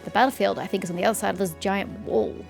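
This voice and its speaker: A woman playing a video game and commentating casually, sarcastic and quick to swear, reading the on-screen text aloud. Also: mid-range voice, creaky, faint music behind. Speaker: let's-play streamer.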